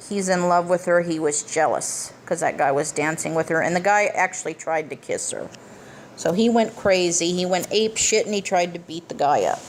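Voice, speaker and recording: A woman's voice: lowish voice, lively intonation, normal speed, slight background noise. A woman giving a casual plot recap of a film as a reviewer, blunt and profane, with emphatic asides. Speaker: movie reviewer.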